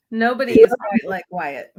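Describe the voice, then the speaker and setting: A woman guest on a casual live-stream chat whose tongue is swollen, so her speech sounds thick, as if her mouth were full. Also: on the high side. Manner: candid fan opinions, short agreeing replies.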